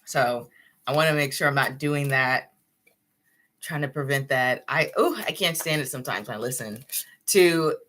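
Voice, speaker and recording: Low-pitched, bright-voiced young woman chatting. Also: moderate pace. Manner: chatty, addresses viewers directly, laughs often. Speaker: tarot reader hosting a live stream. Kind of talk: casual live-stream chat.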